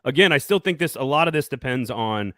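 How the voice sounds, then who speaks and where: A man's voice: medium pitch, expressive, a little fast, a bit bright, dry recording, studio quality. A man hosting a casual sports talk show, upbeat and jokey, laughing often and doing sponsor reads. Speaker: podcast host.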